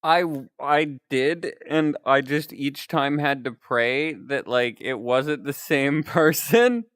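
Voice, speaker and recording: Young male streamer, clear voice, dry close sound, casual laughing chatter. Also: mid-range voice, expressive, slow, fairly bright tone, no echo. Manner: rambling storytelling, laughs often. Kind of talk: casual chat.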